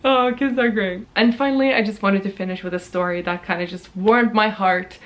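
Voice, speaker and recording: A young woman from Norway, telling stories in a casual, animated way and laughing often. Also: medium pitch, a little fast. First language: Norwegian. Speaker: vlogger. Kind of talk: casual storytelling.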